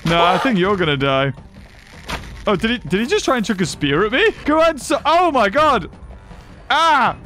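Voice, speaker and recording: A man giving excitable, sarcastic let's-play commentary as a gaming YouTuber. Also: sits high, normal speed. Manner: excitable and sarcastic, with frequent exclamations.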